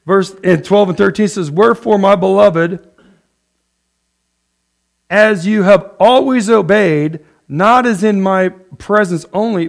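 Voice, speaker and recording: A middle-aged male pastor preaching in a relaxed, talky way, stumbling over restarts and filler words. His voice sits high and has a gravelly edge. He slips into short acted lines of people praying. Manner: conversational, many fillers and restarts, acts out prayers. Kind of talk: sermon.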